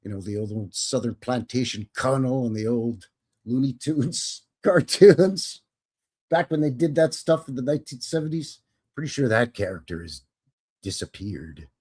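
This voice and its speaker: Folksy, lively-voiced man hosting a stream. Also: mid-range voice, moderate pace, husky. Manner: rambling, chuckling, folksy. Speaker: live stream host. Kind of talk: casual live stream chat answering viewers.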